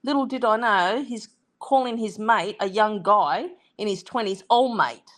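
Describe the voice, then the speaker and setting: A woman from Sydney with an Australian accent, co-hosting a casual comedy chat, exasperated and quick to swear. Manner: exasperated, swears freely, swooping pitch. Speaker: podcast co-host.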